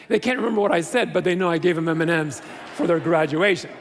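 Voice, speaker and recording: A man's voice: high voice, a little fast, few pauses. A man preaching a graduation sermon as a pastor, with playful joking asides to the congregation. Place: large church sanctuary. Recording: long church reverb.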